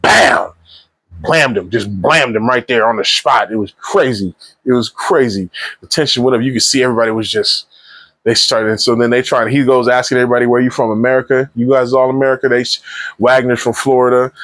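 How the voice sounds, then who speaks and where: In a loose, slangy spoiler review, a man excitedly walks through movie scenes, often starting over mid-thought. His pitch sits in the middle range, and there's no echo on the audio.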